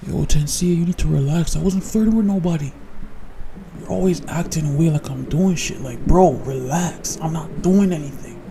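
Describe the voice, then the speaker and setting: Damani, a man voicing a dark-toned laid-back Jamaican boyfriend. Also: fairly high pitch, moderate pace, gravelly, slight background noise. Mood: defensive. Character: easygoing young Jamaican man, henpecked boyfriend.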